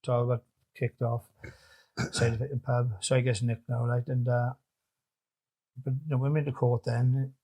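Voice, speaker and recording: A man's voice: medium pitch, level tone, normal speed, pauses often, mellow, breathy edge. A middle-aged man telling stories as a guest in a casual chat. He swears freely and trails off mid-sentence.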